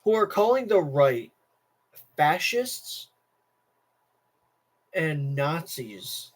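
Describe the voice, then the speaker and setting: A tired teenage boy rants to his stream in a rambling, restless way. He keeps circling back, restarting his sentences and repeating himself. His voice sits a bit high for a young man. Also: sing-song, extremely slow. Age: teens. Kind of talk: casual political rant to camera.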